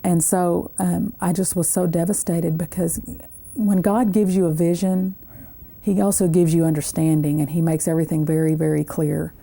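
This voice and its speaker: A woman guest giving an earnest personal faith testimony, halting and restarting as she talks. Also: lowish voice, little pitch movement, gravelly, mellow, a little hiss or hum.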